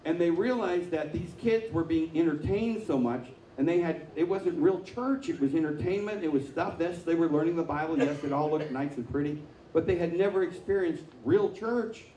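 Echoey, mellow-voiced male pastor preaching. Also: on the high side, normal speed, a little hiss or hum. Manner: conversational storytelling, acting out quotes. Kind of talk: sermon. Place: church sanctuary. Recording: echoey room, mic from far off.

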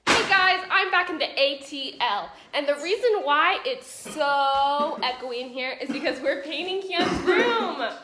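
A woman's voice: high voice, expressive, unhurried, few pauses, sharp tone. A young woman from Georgia in the US, vlogging in a chatty, rambling way, slightly nasal from a cold. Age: young adult. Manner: chatty and rambling, with frequent fillers. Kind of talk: casual chat to camera. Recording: noisy background.

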